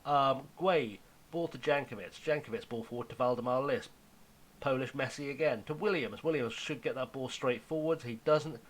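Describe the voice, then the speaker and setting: A young man giving casual, self-mocking commentary on his football management game, now and then dropping to a hushed aside. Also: mid-range voice, normal speed, poor audio. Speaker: gaming YouTuber.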